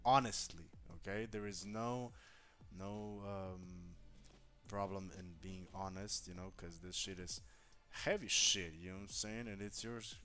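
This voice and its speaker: A man's voice: deep voice, measured pace, bright, forceful tone. A man chatting casually on a live stream, giving blunt, profane, reassuring relationship advice straight to a viewer.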